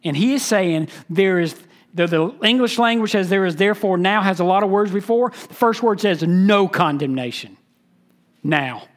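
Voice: medium pitch, a little fast. A pastor preaching an expository sermon, emphatic and teaching, repeating key phrases and asking the listeners questions.

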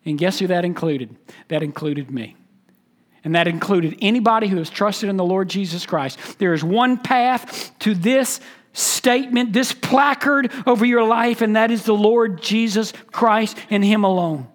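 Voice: medium pitch, measured pace. A pastor preaching an expository sermon, emphatic and teaching, repeating key phrases and asking the listeners questions.

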